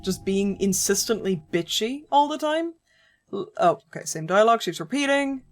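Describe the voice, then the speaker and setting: A woman's voice: mid-range voice, lively intonation, normal speed. A woman streaming a game, griping with sarcastic, profane commentary. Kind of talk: let's play commentary. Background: game music.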